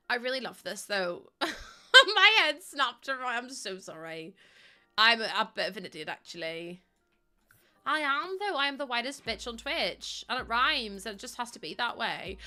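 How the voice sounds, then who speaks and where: Young woman, streamer, casual chat, giggly, sharp bright tone, soft music underneath. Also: fairly high pitch. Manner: chatty, giggly, self-mocking, sings snatches of songs.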